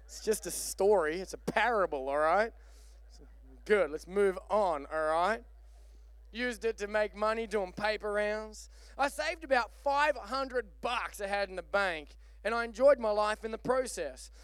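A man preaching a lively sermon, joking and calling for amens. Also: sits high, measured pace, dry recording. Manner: animated, joking, calls for amen. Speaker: pastor.

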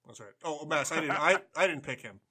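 A man's voice: fairly high pitch, brisk, sharp tone. A man co-hosting a casual sports podcast who jokes back defensively when teased. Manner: laughing, defensive joking. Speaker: podcast co-host. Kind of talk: casual banter.

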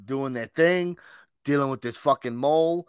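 A man's voice: mid-range voice, moderate pace, clear, resonant tone, dry recording, clean studio sound. A man co-hosting a casual pop culture podcast, laughing often, swearing freely and calling his co-host bro.

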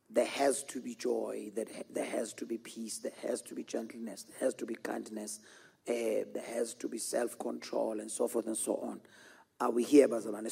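A man's voice: mid-range voice, vocal fry, darkish tone, slightly rough. A man preaching a sermon as pastor, often asking the congregation whether they are with him and building in intensity as he goes. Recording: echoey hall with long reverb.

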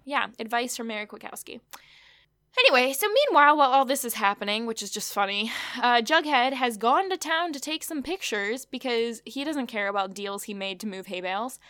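A woman with a high voice chats about an episode, with wry asides and loose fillers. The recording is dry and close, with no room sound. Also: lively intonation, brisk, bright, forceful tone, no echo. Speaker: podcast co-host. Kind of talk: casual TV recap chat.

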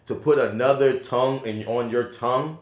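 A man co-hosting a podcast and reviewing a film in casual chat, animated and profane with slangy emphatic asides. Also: medium pitch, normal speed. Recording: roomy echo.

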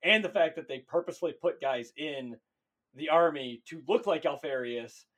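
A man's voice: on the high side, moderate pace, fairly bright tone. A man co-hosting a podcast in casual chat, rambling and profane, laughing often. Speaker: podcast co-host.

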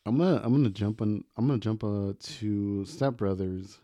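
A man's voice: on the low side, moderate pace, warm tone, no echo. A man co-hosting a podcast, chatting casually about movie quotes in a laid-back, rambling way and laughing often. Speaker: podcast co-host.

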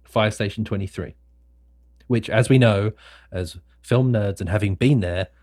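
A man co-hosting a movie podcast, excitedly sharing film trivia in relaxed banter. His voice is fairly low. The recording is dry and close, with no room echo. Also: a little slow. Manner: enthusiastic, nerdy trivia telling. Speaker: podcast co-host. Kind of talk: casual film chat.

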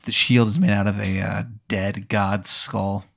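A man's voice: on the low side, steady tone, unhurried, creaky. Guy running a tabletop game, rambly and crude, cracking himself up. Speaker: game master. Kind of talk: narrating a tabletop game, casual and profane.

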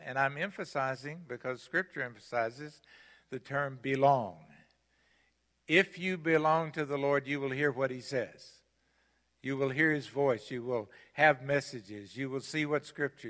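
Emphatic older man preaching, bright voice. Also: mid-range voice, normal speed. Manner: emphatic, repeats key phrases. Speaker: guest preacher. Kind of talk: sermon. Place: church sanctuary. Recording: long hall reverb in church.

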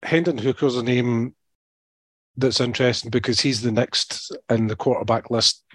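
A man with a Scottish accent giving his views on a sports podcast, halting, with many ums and the odd dry joke. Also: medium pitch, steady tone, fairly bright tone, dry recording. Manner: hesitant, lots of ums, dry jokes. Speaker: podcast co-host. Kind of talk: casual sports podcast chat.

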